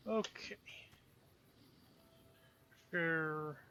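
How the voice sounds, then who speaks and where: A man's voice: a little high, extremely slow, sharp tone. A man casually commenting on his own gameplay, rambling and muttering to himself with plenty of swearing. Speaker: let's play host. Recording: noisy gameplay recording.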